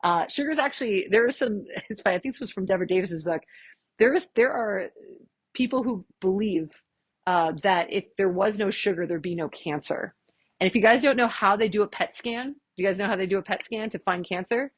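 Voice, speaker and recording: Woman, husky voice, chatty workshop talk, dry close sound. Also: medium pitch, no room sound. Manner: chatty, animated, quick asides and jokes. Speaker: chiropractor giving a health workshop. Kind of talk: casual lecture to a live audience.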